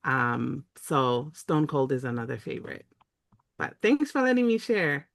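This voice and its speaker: A man sharing his favorite songs in a casual chat, speaking hesitantly with many pauses and fillers. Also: medium pitch, big pitch swings, gravelly, fairly bright tone, no room sound. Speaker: guest sharing a memory.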